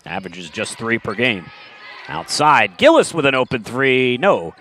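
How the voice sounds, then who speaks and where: A man calling a live basketball game as play-by-play commentator, with brisk, excitable calls and wry asides. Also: medium pitch, a little hiss or hum.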